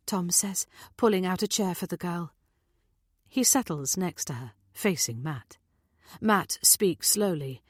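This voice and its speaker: Woman reading an audiobook, slow and measured, dry close sound. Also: on the low side, animated, slightly rough, no room sound. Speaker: audiobook narrator. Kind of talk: scripted narration.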